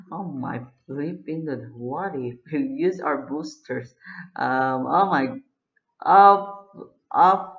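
A gamer giving live gameplay commentary, excitable, full of exclamations and frustrated groans. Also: mid-range voice. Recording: dull lo-fi recording.

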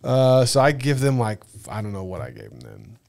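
A man's voice: on the low side, normal speed, gravelly. A man telling a travel story on a podcast in casual chat, swearing often and acting out the people he met. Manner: animated, profane, acts out dialogue. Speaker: podcast guest.

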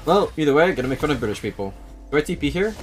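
Animated man streaming a game. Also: on the high side, racing, faint music behind. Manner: animated, incredulous, thinks aloud. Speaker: gaming streamer. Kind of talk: live gameplay commentary and chat reading.

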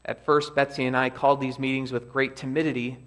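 A man's voice: mid-range voice, brisk. A man pastor preaching a sermon in church and reading a story aloud with earnest emphasis. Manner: earnest, reads quoted lines with lively emphasis. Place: church sanctuary.

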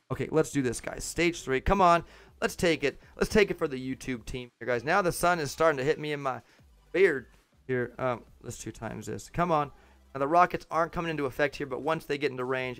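A man's voice: mid-range voice, fairly bright tone, clean tone, no echo. Chatty man streaming a mobile game. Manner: chatty, chuckling, talks to chat. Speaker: game livestreamer. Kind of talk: casual live game commentary. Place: home setup with green screen.

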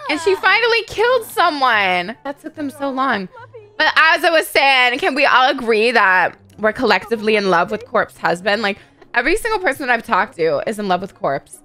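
Bubbly high-voiced woman gaming commentator. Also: normal speed. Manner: excitable, profane, shrieks at sudden moments. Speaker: gaming video host. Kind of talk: playful gameplay commentary.

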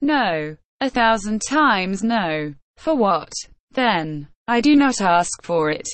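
A woman's voice: mid-range voice, very animated, dry recording. A woman reading a classic novel aloud as an audiobook narrator, voicing the dialogue in her own voice. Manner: measured, unhurried reading.

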